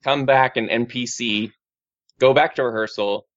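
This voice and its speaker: Hanging out with friends, a man rambles through his news, restarting often and leaning on fillers. His medium-pitched voice stays steady at a moderate pace, with no echo, captured on a dull lo-fi recording.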